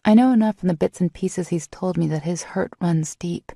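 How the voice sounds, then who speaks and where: A woman narrating a first-person romance audiobook in a calm, reflective way. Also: fairly low pitch, moderate pace, vocal fry, no room sound, studio quality.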